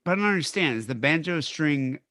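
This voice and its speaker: A woman podcast co-host chatting casually, animated and full of curious questions. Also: sits low, brisk, no echo, studio quality. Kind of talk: casual crude chat.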